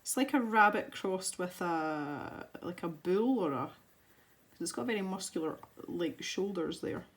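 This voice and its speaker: A woman's voice: fairly low pitch, animated, unhurried. A woman with a west-of-Scotland accent, chatting casually and rambling as she colours for a tutorial. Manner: chatty and rambling, self-deprecating. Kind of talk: casual chat while colouring.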